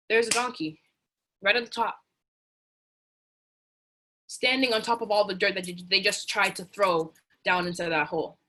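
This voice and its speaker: Woman motivational storyteller, earnest and animated, crisp bright voice with a husky edge. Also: mid-range voice.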